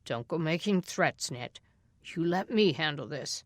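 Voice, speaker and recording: A woman voicing a measured, soft-spoken small-town sheriff. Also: deep voice, animated, no room sound, studio quality. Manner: quiet, reasoning. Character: small-town sheriff, middle-aged man, reluctant and measured.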